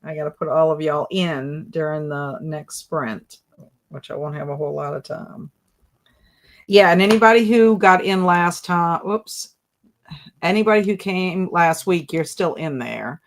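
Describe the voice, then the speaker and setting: A woman's voice: sits low, measured pace. Giggly woman chatting on a livestream. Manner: giggly, chatty, laughs often at viewer jokes. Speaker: booktube livestream host. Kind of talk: casual livestream chat reading viewer comments.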